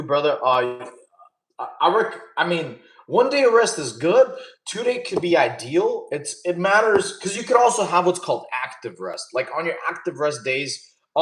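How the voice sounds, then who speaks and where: Man on a livestream, slightly high voice, relaxed banter, echoey room. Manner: laid-back, chatty, laughs often, addresses chat as y'all. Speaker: streamer answering chat questions. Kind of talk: casual livestream chat.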